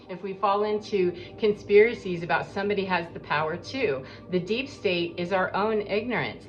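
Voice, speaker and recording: A woman giving an earnest, rambling spiritual monologue as a coach, talking in a preachy way. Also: fairly low pitch. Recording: dull lo-fi with faint background noise.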